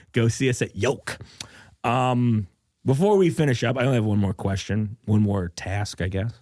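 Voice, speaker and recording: A man's voice: mid-range voice, unhurried, darkish tone, no echo, clean studio sound. A man from the Midwest hosting a comedy podcast in casual chat, joking and riffing playfully. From American Midwest. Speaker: podcast host.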